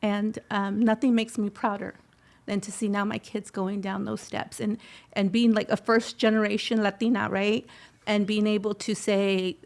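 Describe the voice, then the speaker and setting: A woman's voice: mid-range voice, flat delivery, moderate pace. A middle-aged woman telling her personal story in an interview, heartfelt, slipping Spanish phrases into her English. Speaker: scholarship recipient guest.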